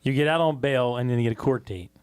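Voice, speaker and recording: Profane storytelling man, mid-pitched. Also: fast, a little mellow, clear, resonant tone. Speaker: podcast co-host. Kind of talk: casual chat.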